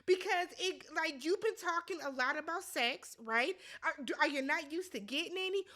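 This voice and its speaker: Woman doing a reality show recap, high bright voice, blunt, swears a lot, super expressive. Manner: animated and emphatic, blunt and profane, quick to mimic others. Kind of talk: casual recap commentary.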